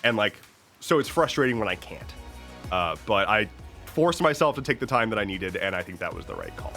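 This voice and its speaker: A young man with a deep voice, getting over an illness, chatting casually as a livestream host and reading out viewer comments, rambling with many restarts and fillers. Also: huge pitch swings, fairly quick, pushed and bright, faint music behind. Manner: rambling, self-interrupting, lots of "like" and restarts.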